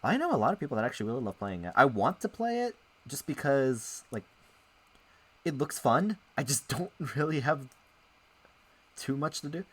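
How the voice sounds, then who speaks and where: A man's voice: medium pitch, very animated, moderate pace, long pauses, husky. A man streaming as a VTuber, chatting casually with viewers as he plays and reads a visual novel, rambling and often interrupting himself. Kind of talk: casual live-stream chat while playing a visual novel.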